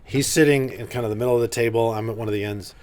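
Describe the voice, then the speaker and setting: A man's voice: medium pitch, fairly even intonation, very fast, a little mellow, slight background noise. A man who is a congressman, a guest in a casual podcast interview, telling stories emphatically. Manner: storytelling, emphatic.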